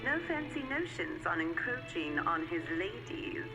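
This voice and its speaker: An actress playing a strict, menacing woman from a 1950s-style household, speaking low, calm and chillingly composed. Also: measured pace, low-quality recording. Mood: coldly smug. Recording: show audio played with music underneath.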